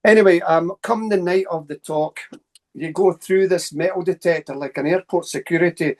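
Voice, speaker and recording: Scottish male guest, fast-talking raconteur, slightly higher-pitched. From Scotland. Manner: fast, animated anecdotes with asides. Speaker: guest, paranormal researcher. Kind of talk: casual storytelling interview.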